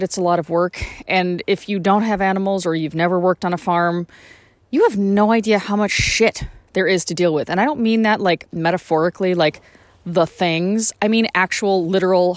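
A podcast host with a lowish voice and no echo delivers a sarcastic, profane comic rant about life on her small farm, swearing freely as she goes.

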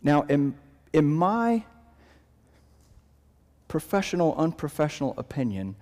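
A man preaching a sermon as pastor, his delivery moving between raised emphasis and hushed, quiet lows. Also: very animated, unhurried, long reverb tail.

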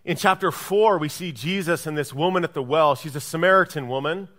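Man preaching a sermon, fairly high. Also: a little fast, fairly bright tone. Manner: engaging, checks in with listeners by asking "right?"; acts out quoted speech in shifting voices. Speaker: lead pastor.

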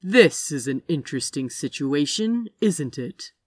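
A woman voicing a stern, cold male boss who talks in a slow, clipped, menacing way. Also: deep voice, expressive, no echo. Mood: cold menace.

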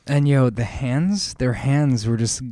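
A man's voice: medium pitch, slow, mellow, no room sound, studio quality. A young man, an actor, guesting on a casual podcast, blunt and opinionated with plenty of swearing. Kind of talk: casual chat.

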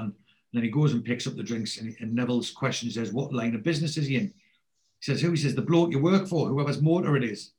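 A man's voice: mid-range voice, poor audio. A man in casual chat, retelling a TV episode, swearing freely and acting out the characters' lines. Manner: animated storyteller, swears freely, acts out quoted lines.

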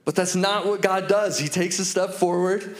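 A man in his thirties delivering a sermon with a slightly higher-than-usual voice. He tells stories from family life and slows down hard on repeated key phrases. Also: steady tone. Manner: storytelling with slow, emphatic repetitions. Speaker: pastor.

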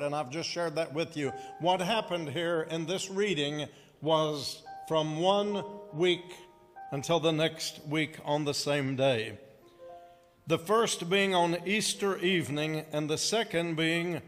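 A man preaches in a slow, deliberate cadence, pausing to ask the congregation to repeat lines back to him. His voice sits a little high for a man. The sound carries a long hall reverb with faint music underneath. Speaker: pastor. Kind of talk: sermon with scripture reading.

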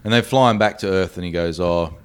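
A man's voice: on the low side, quick pace, clear, resonant tone. A man in casual conversation, retelling a movie plot in a meandering way with many fillers. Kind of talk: casual film review chat.

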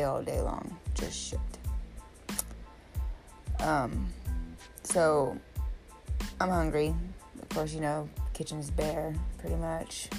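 A woman with a notably low voice rants about her day, exasperated and blunt, swearing freely. Faint music plays behind her. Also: vocal fry. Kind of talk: casual profane rant.

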